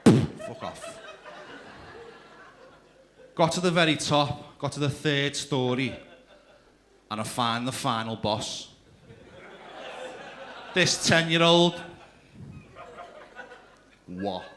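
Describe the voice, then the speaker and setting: A man in his thirties on a comedy club stage, telling rude family stories and ribbing the audience between bits. His voice sits at an ordinary middle pitch, with faint room noise behind him. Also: slow, long pauses, a bit bright. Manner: crude, chatty storytelling with asides to the crowd. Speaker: stand-up comedian. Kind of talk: stand-up comedy routine.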